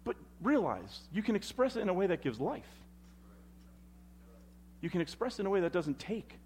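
A man preaching a sermon as pastor at a church service, expressive and emphatic. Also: high voice, moderate pace, pauses often, slightly rough.

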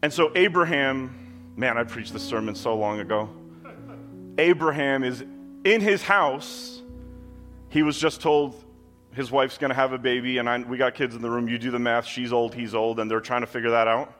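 A man's voice: medium pitch, normal speed, a bit bright, soft background music. A man preaching a sermon in a conversational style, with emphatic asides to the congregation. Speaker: pastor. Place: church with kids in the room.

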